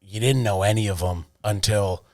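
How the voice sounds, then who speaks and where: A man's voice: on the low side, moderate pace, no echo, studio quality. A man, a wrestling executive appearing as a guest, telling anecdotes in a casual interview. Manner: lively storyteller, fillers and restarts.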